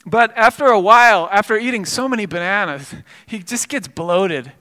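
Male pastor giving a sermon, restarts a lot, bright sharp tone in a big echoey church. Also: high voice, moderate pace. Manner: earnest storytelling with repeated words and restarts.

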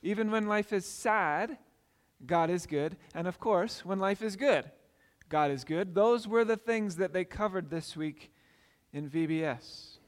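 A man's voice: high-pitched, unhurried, in a large hall. A man preaching a sermon as pastor, earnest and repeating key phrases for emphasis.

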